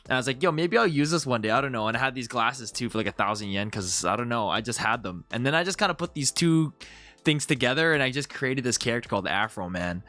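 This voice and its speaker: A young man chatting casually as he reviews his own comedy video, animated and full of restarts. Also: mid-range voice, quick pace, soft background music. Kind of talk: casual commentary.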